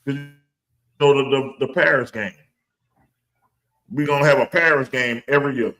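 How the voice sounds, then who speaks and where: A man's voice: medium pitch, moderate pace, pushed and bright, soft background music, low-quality recording. A man with a New Orleans accent, co-hosting a sports podcast in casual, profane chat, laughing often. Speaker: podcast co-host.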